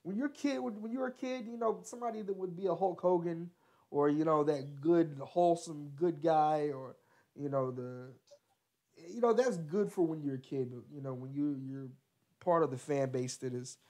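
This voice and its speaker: Young male podcast co-host, chatty and rambling, quick to laugh, fairly high voice. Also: dark tone. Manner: laughs often, rambling with many fillers. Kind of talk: casual wrestling chat.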